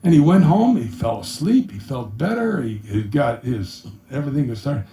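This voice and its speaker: A middle-aged man doing stand-up accountant jokes, acting out his clients in high voices and punching each punchline with 'ba-boom'. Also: lively intonation, moderate pace, dark tone. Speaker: comedian and musician telling accountant jokes. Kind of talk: stand-up joke telling. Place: small room with a live audience. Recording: echoey room, mic at a distance.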